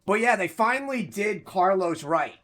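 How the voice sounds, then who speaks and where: Excitable high-voiced man streaming games. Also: moderate pace. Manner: excitable, swears freely, bursts into loud outcries. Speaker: game streamer. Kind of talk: casual live-stream chat.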